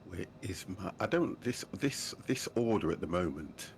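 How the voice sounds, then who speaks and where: A man in his fifties chats as a livestream host, his low voice gravelly with fry. His pitch swings widely as he laughs and tells stories. A faint hiss sits under the stream audio. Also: normal speed. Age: 50s. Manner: chatty, laughing often, animated storytelling. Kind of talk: casual chat while gaming.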